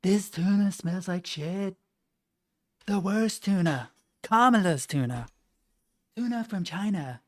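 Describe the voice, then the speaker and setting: A woman's voice: mid-range voice, takes it slowly, pauses often. A woman doing a comic impression of a blustering older male politician. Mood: mocking.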